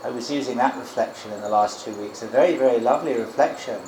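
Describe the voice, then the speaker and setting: A man teaching as a Buddhist monk, giving an informal dharma talk and guided meditation in a gentle, musing way with frequent restarts. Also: medium pitch, fast talker, noisy background. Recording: echoey room with loud crickets. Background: crickets and insects.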